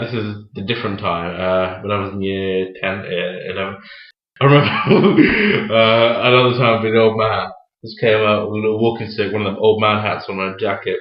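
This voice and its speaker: A young man chatting on a podcast, animatedly acting out his stories with laughing asides. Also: on the low side. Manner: animated storyteller, acts out scenes with laughing asides. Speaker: podcast co-host. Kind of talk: casual chat. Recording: roomy, dull lo-fi home recording.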